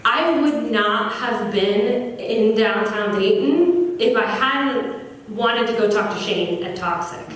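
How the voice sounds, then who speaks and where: A woman's voice: on the high side, slow pace. Earnest woman storyteller in an echoey hall. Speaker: business founder. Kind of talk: personal storytelling speech. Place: large echoey venue at an opening event. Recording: echoey room from far off, faint noise.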